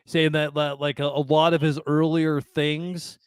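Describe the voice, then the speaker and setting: A man's voice: on the high side, little pitch movement, measured pace, clear, resonant tone, no echo, studio quality. A man co-hosting a podcast in casual chat, easygoing and enthusiastic. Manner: easygoing, enthusiastic, many restarts. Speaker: podcast co-host.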